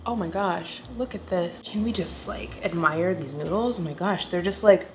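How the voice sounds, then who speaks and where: A young woman hosting a casual cooking vlog, chatting warmly as she cooks and tastes food with bubbly enthusiasm. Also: on the low side, moderate pace, slight background noise. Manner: bubbly, enthusiastic, tasting aloud. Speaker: cooking vlogger.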